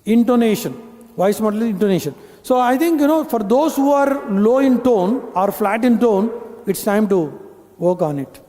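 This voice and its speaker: A man's voice: sits high, expressive, normal speed, warm tone. Indian man training a hall audience. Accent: Indian English. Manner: instructive, addresses the audience with questions. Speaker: corporate trainer. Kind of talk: live training session. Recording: long hall reverb.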